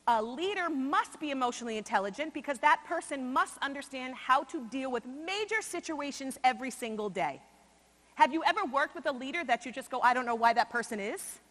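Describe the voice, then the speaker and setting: A high-voiced woman from New York delivers a motivational keynote to a conference crowd. She swings from loud, punchy emphasis to slow, hushed asides. Her voice rings with a long reverb in a large hall. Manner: expressive, shifts between loud emphasis and quiet slow asides. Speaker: conference speaker.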